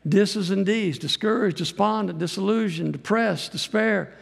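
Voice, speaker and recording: Animated preacher with a gravelly voice. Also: male voice, high voice, moderate pace, long reverb tail. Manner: folksy, animated preaching with acted quotes. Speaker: pastor and missionary. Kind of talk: sermon.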